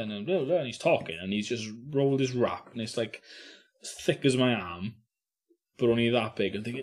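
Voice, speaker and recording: A man in his thirties chatting casually on a podcast, telling stories with swearing and lively imitated quotes. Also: on the low side, fast talker. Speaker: podcast guest. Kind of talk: casual chat.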